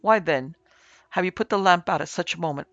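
A man voicing an excitable, irritable big Frenchman with agitated, exclamatory speech in an audiobook reading. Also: fairly high pitch, moderate pace, gravelly, no echo, highs cut off, exaggerated voice.

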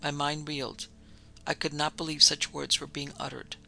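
A man narrating an audiobook in a restrained, even first-person manner. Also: a little high, normal speed, gravelly.

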